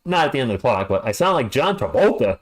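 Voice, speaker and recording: A man's voice: mid-range voice, big pitch swings, fast. Chatty livestream play-by-play man. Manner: chatty, ranting asides between plays. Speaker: play-by-play commentator. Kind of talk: live fan play-by-play commentary.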